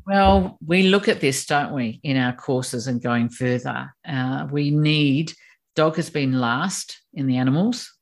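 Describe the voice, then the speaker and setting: Teaching a course on personality animals, the speaker explains ideas in an emphatic, conversational style and acts out quoted voices. The voice is medium in pitch and slow.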